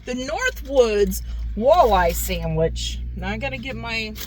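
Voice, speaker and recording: A woman's voice: on the high side, big pitch swings, slow, background noise. A woman hosting a casual food review vlog, chatty, repeating herself and calling her viewers "guys". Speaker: food review channel host.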